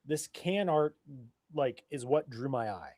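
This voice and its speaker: A man's voice: medium pitch, animated, unhurried, a little mellow, no echo. A man co-hosting a casual live drinking stream, rambling and swearing, a little drunk and burping between thoughts. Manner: rambling, profane, loose and tipsy. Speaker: co-host of a live beer-tasting stream.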